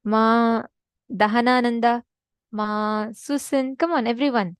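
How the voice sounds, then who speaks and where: A woman's voice: fairly high pitch, fairly even intonation, a little slow, clean tone, dry recording, rough recording. A woman leading a devotional teaching session, earnest and emphatic, often repeating her main points. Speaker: spiritual teacher.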